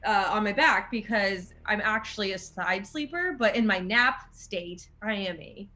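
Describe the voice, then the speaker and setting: A woman's voice: mid-range voice, unhurried. A young woman co-hosting a podcast, telling a funny personal story in casual chat and laughing as she goes. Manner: animated, laughs while telling stories. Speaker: podcast co-host.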